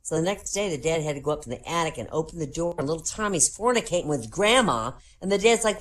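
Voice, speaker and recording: Older woman comic in her sixties, low voice that swings widely, giggles at her own punchlines. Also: lively intonation, quick pace, few pauses. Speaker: comedian. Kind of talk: stand-up joke telling. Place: online voice comedy room.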